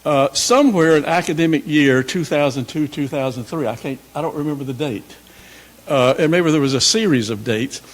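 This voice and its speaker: An older man from South Carolina giving a guest lecture, halting with many fillers and folksy asides. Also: on the high side. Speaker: guest speaker. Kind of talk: lecture remarks.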